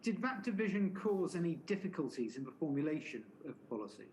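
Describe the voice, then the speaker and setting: A man's voice: a little high, very animated, a little fast, a little mellow, a little hiss or hum, low-quality recording. A man questioning a witness at a formal inquiry, laying out points methodically, with many fillers. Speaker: inquiry counsel.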